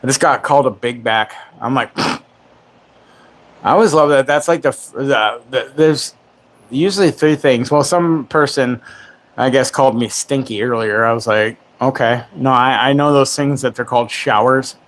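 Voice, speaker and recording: A man in his forties chatting casually on a livestream from his home. He jokes and mocks with a sarcastic edge, breaking into laughs often, at an average pitch. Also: moderate pace, fairly bright tone. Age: 40s. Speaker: livestream host. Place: home, in Florida.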